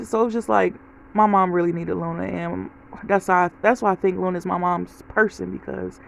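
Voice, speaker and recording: A woman's voice: medium pitch, creaky, a little hiss or hum, poor audio. A woman vlogger giving a casual life update, telling stories straight to her viewers. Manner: chatty storytelling, talks straight to viewers.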